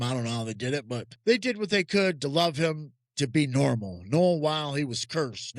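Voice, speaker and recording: A man's voice: fairly high pitch, dry recording. A man hosting a talk show, telling a long joke story and turning it into a preachy testimony. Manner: preachy, drawling, sometimes shouting. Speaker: host.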